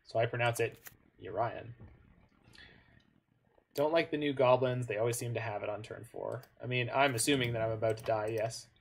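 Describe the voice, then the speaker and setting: A man talking through his own card game as he plays, in a middle-pitched voice that sits in an ordinary range. He thinks aloud, corrects himself mid-sentence and wanders into small asides, keeping it relaxed and conversational. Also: quick pace, hardly any pauses. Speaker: gamer commenting on his own online card game matches. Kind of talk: casual gameplay commentary.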